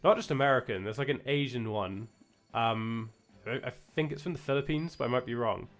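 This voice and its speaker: A man's voice: mid-range voice, fairly quick. A young man with a British accent chatting casually while streaming a game, rambling with lots of restarts and self-corrections. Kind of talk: casual chat while gaming.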